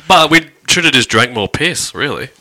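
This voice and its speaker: A man's voice: mid-range voice, very animated, normal speed, a crowd in the background. A man in casual chat with friends, jumping in with sweary, enthusiastic remarks.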